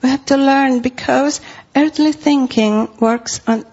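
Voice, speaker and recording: A woman preaching a sermon in a slow, deliberate way, repeating her phrases. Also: high voice, fairly even intonation, a little mellow. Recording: dull lo-fi recording.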